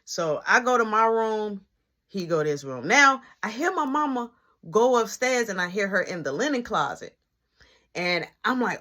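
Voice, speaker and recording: Woman storyteller, lively and chatty, crisp bright voice. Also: a little high, normal speed. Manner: animated, conversational, with dramatic asides. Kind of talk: casual personal storytelling.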